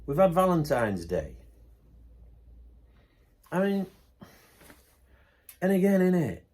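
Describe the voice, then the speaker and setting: Husky, lively middle-aged man. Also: sits high, takes it slowly, long pauses. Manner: chatty, ranting then laughing it off, blunt humour. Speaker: vlogger. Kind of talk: casual chat to camera.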